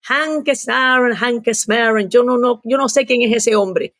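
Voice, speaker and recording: Cuban-accented older mother, exasperated and scolding, pitched high , as a woman puts her on. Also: normal speed, a bit bright.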